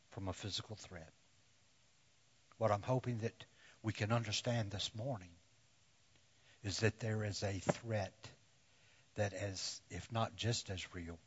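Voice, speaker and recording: A man preaching a sermon to men in slow, deliberate phrases that often sink to a hush. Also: on the low side, slightly rough, highs cut off. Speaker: pastor.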